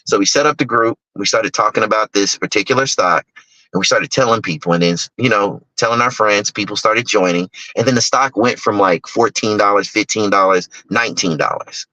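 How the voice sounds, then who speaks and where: A man with a low, bright and forceful voice tells his story with lots of energy, jumping up in pitch whenever he plays the people in it. The sound is dry and close. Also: fairly quick, no echo, low-quality recording. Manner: animated storyteller who acts out other people's lines in sharply raised voices. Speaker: guest speaker on investing. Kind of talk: personal storytelling on a talk stage.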